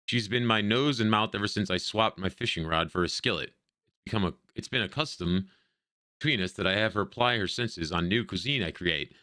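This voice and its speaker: A man's voice: on the low side, fairly quick, bright, forceful tone, no room sound, clean studio sound. A man voicing a busy, long-winded male chef in a role-playing game, reading his stiff, formal lines aloud.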